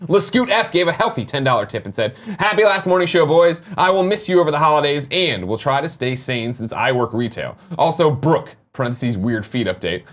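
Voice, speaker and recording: Casual co-host, male, 30s, lively delivery, reads viewer messages with jokes. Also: on the high side, a little fast, few pauses. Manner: joking, animated, swears casually. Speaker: podcast co-host. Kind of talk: reading viewer tips aloud on a live morning show.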